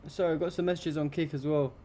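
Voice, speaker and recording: A man's voice: on the high side, fairly even intonation, quick pace, warm tone. A young adult man hosting a live stream, commenting on news pictures in an indignant, rambling, heavily profane way.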